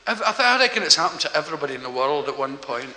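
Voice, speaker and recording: Stand-up, high lively voice, giggly rambling storyteller, big reverberant hall. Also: male voice, racing. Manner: rambling, giggly, acts out characters. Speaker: stand-up comedian. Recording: echoey hall with background noise.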